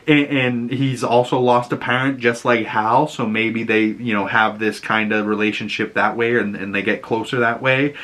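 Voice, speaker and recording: A man with a Boston accent talks through a TV episode in a loose, chatty recap. His voice is bright and forceful, at an average pitch for a man. He keeps slipping into the characters' lines as he retells each scene. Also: flat delivery, normal speed, few pauses. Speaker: show reviewer. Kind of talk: casual recap and reaction.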